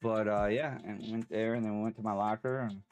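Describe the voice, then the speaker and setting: A man telling a personal story in a halting, rambling way, pausing as the emotions come back. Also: fairly low pitch, steady tone, darkish tone. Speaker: vlogger.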